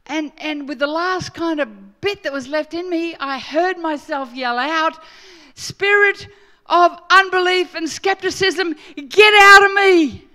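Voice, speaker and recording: A middle-aged Australian woman, a guest preacher, tells a story during her sermon and animatedly acts out her own quoted lines. Her voice is high with a sharp tone.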